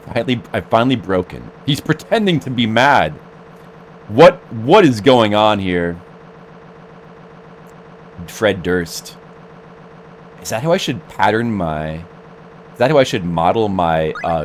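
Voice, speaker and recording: A man streaming a game, rambling casually to his chat and now and then putting on a mock rage. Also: fairly low pitch. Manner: rambling, chats with viewers, bursts into mock rage.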